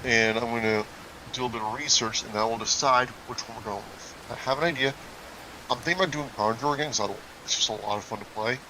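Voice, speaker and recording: A man's voice: medium pitch, fast, noisy background. A man casually commenting while playing a game, thinking aloud, rambling and trailing off mid-sentence. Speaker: gaming video creator. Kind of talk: casual let's-play commentary.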